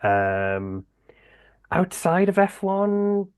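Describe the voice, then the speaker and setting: A man talking as a podcast guest, hesitant and filling pauses with ums. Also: sits high, big pitch swings, clear, resonant tone, no room sound. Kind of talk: casual chat.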